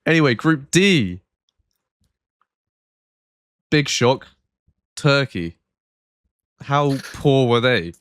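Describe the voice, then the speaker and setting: A man's voice: mid-range voice, animated, slow, long pauses, dry recording. A man hosting a football podcast, talking casually and rambling with frequent fillers. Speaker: podcast host. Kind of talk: casual chat.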